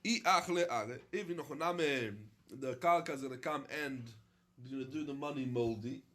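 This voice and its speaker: A man's voice: mid-range voice, normal speed, a bit bright. A man teaching a Talmud class, reading short Aramaic phrases and explaining each one in plain English. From London. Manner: reads Aramaic phrases then explains in English, with many fillers.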